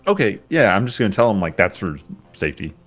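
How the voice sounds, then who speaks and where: A man playing a tabletop game, talking in a hesitant, halting way as he thinks out loud. His voice sits on the low side. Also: sing-song, soft background music. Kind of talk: casual in-character play.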